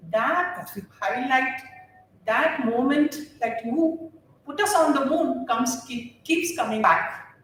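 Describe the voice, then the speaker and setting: An older woman, a retired geography teacher giving an animated, laughing speech to former students at a reunion. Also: sits high, slight background noise. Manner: warm, animated storytelling with frequent laughter. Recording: very echoey room, voice far from mic.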